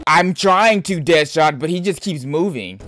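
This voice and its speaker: A young man commenting on his gameplay in a casual, excitable way, yelping and muttering at the game. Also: fairly high pitch, measured pace, music in the background. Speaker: gaming YouTuber.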